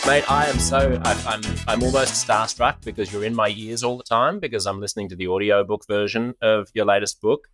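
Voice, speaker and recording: A man hosting an interview podcast, animated, laughing often and restarting his sentences. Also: on the low side, a little fast, few pauses, faint music behind. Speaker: podcast host. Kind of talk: conversational interview. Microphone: studio microphone, headphones.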